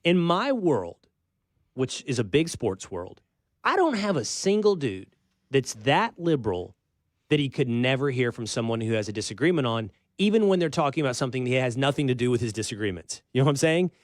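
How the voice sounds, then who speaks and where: A man's voice: mid-range voice, big pitch swings, brisk, dry recording. A man hosting a talk show, chatting in a casual, rambling, wry way. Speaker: show host.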